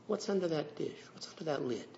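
A man voicing a humble, curious gardener who muses to himself in hushed tones. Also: on the high side, expressive, brisk, a little hiss or hum. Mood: tempted. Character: humble curious male gardener, eager and tempted. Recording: dull lo-fi recording.

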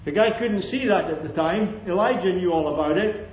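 A man's voice: high voice, moderate pace. A man preaching a sermon to a congregation, emphatic and repeating his key phrases, often calling for an amen. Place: church hall with a congregation. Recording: echoey, dull lo-fi sermon recording.

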